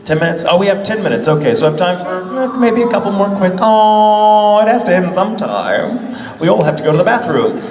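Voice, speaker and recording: A man's voice: high voice, very animated. A man answering fan questions at a convention panel, playful and theatrical, joking with the crowd. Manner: playful, theatrical, quick jokes. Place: convention hall with audience. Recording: echoey hall with crowd noise.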